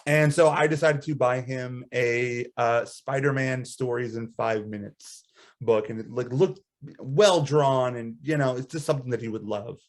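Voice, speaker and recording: A man co-hosting a casual podcast chat, telling a story in an animated way and breaking into high laughter. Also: measured pace. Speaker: podcast co-host.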